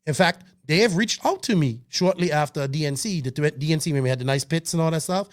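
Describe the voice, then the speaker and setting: Male co-host, a bit high-pitched, worked-up, profane and emphatic. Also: a little fast. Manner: heated, emphatic and profane, with restarts. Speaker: podcast co-host. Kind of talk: casual podcast chat.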